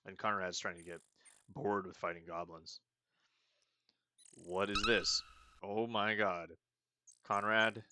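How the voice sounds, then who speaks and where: A man's voice: lowish voice, steady tone, takes it slowly, pauses often, noisy background. A man hosting a let's play, thinking aloud in casual commentary and reading the game's text as he goes. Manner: rambling, thinking aloud with restarts. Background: game music.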